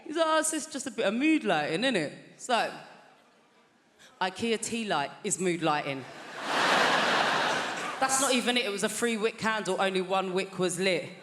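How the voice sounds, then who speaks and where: A British man performing a stand-up comedy set, telling an animated story in chatty slang and often jumping into squeaky high voices. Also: moderate pace, pauses often, heavy background noise. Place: large theatre stage. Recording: loud crowd laughter, long theatre reverb.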